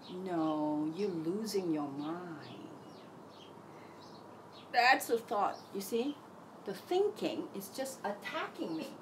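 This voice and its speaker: A woman's voice: fairly high pitch, noisy background. A middle-aged woman talking candidly in a casual monologue about her thoughts, acting out the voices in her head. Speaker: self-help teacher.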